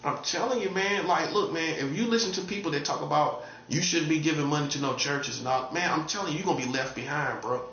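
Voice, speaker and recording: A man's voice: fairly high pitch, fairly bright tone, roomy sound, highs cut off, a little hiss or hum. A man preaching in a casual, street-talking way, repeating himself and laughing at his own jokes. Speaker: prophet. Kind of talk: informal preaching monologue.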